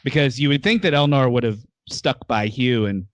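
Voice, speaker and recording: A podcast co-host with an animated, mid-range voice casually recaps a TV episode at normal speed, acting out the characters' lines. The recording has no room sound.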